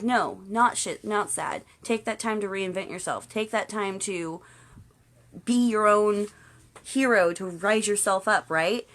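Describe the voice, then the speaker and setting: A woman's voice: mid-range voice, measured pace, a bit bright. Chatty playful woman livestream host. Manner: chatty, playful, puts on silly voices for quotes. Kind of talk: casual livestream talk.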